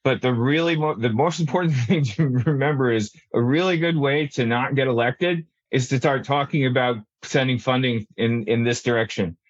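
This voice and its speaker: A man's voice: mid-range voice, moderate pace, few pauses, dry recording, lo-fi sound. A man talking through a policy discussion, rambling with many restarts and fillers. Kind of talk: casual panel discussion.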